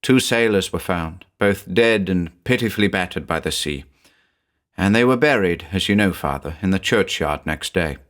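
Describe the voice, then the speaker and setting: An anxious village mother recounts her tale in a hushed, uneasy voice, kept low and soft, as a male narrator puts her on. Her delivery is quiet and wary, in a spoken horror story. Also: animated, moderate pace.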